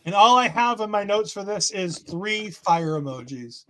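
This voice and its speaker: A man with a notably high voice, talking as a podcast host. He recaps events in a lively, enthusiastic way. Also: normal speed. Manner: enthusiastic, acts out quotes in voices. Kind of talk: casual wrestling recap chat.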